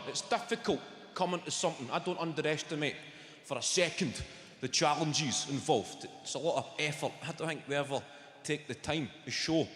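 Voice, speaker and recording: Brief: young Scottish male comic, a little high-pitched, in a reverberant hall with a loud crowd. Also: moderate pace. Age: young adult. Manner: crowd banter, sweary and teasing. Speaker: stand-up comedian. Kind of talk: live stand-up routine. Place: large theatre stage, indoors.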